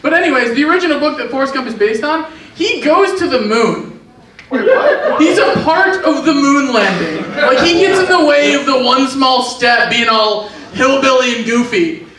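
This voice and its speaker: A man's voice: very high voice, lively intonation, normal speed. A man doing stand-up comedy, chatty and amused, laughing as he goes. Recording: echoey, distant stage with noise.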